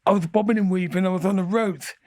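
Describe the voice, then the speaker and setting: A man in his sixties, a boxing guest telling fight stories in an energetic, animated way and repeating his phrases. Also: high-pitched, quick pace, no room sound, studio quality. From England. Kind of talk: animated storytelling interview.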